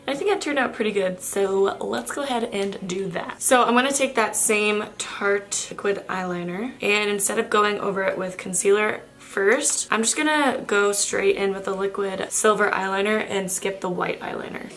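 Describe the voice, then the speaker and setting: A young woman with a cold, her voice raspy and nasal, talking through a makeup tutorial in a chatty, self-correcting way. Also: mid-range voice, moderate pace, hardly any pauses, a bit bright. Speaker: makeup vlogger.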